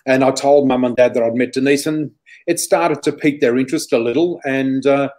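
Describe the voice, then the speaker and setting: A middle-aged Australian man, a guest psychic, tells stories in an interview at a typical middle pitch for a man. His delivery is brisk, animated and rambling, with sentences restarted as he goes. The recording is rough.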